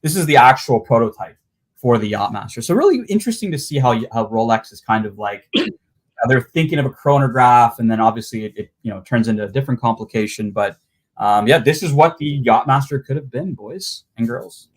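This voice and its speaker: A man's voice: medium pitch, expressive, fairly quick. A man hosting a casual livestream, chatty and swearing, with rambling asides. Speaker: livestream host.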